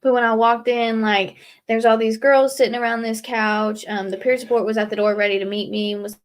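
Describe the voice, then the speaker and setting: A woman's voice: on the high side, level tone, brisk. Earnest young woman, rambling with fillers. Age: young adult. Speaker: guest leaving a recovery house. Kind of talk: casual live interview.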